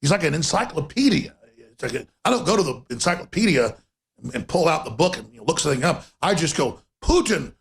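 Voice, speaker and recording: A man hosting a political talk radio show, delivering an emphatic, sarcastic monologue with bursts of rapid speech. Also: fairly high pitch, animated, vocal fry.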